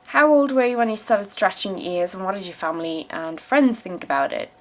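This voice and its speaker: A woman's voice: mid-range voice, expressive, a little fast. A young woman from South Africa, her accent tinged with English, reading viewer questions aloud and answering them in a blunt, casual vlog with plenty of swearing. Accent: South African mixed with English. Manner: emphatic repeated phrases when giving advice.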